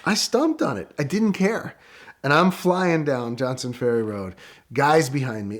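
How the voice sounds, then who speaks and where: A middle-aged man telling a story in a casual, animated way, with quick excited bursts. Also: mid-range voice. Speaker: guest storyteller.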